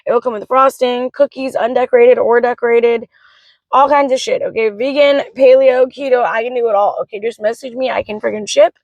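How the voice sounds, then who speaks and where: A woman's voice: fairly high pitch, fairly even intonation, brisk, a little mellow, no room sound, dull audio. A young woman and mother venting in an emotional vlog, talking frankly with plenty of swearing. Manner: vents in a frank, swearing rush. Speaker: vlogger, mother of three.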